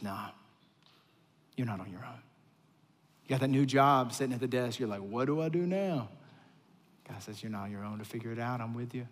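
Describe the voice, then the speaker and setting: A male pastor giving a conversational sermon, telling stories, repeating phrases for emphasis, and swinging between hushed and loud delivery. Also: medium pitch. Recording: long reverberant hall sound.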